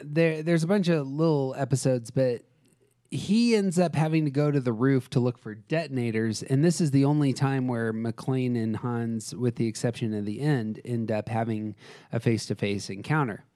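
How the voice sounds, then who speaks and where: A man hosting a casual film talk show, animated, acting out scenes as he retells them. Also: mid-range voice, normal speed, dry recording, clean studio sound. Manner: animated, acts out scenes with voices. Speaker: podcast host.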